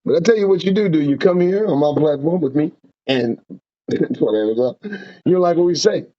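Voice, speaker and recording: A man hosting a streamed talk show, preaching in a fiery, profane rant. His voice sits high and swoops widely up and down. The sound is dull and lo-fi. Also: brisk. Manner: profane, preaching, lively ups and downs. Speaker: show host. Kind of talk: impassioned ranting commentary.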